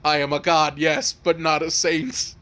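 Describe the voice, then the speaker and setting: A cocky teenage hero boy, as a storyteller puts him on, flips between smug boasting and high, exasperated swearing. The voice is bright and cuts through. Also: little pitch movement, unhurried. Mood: boastful.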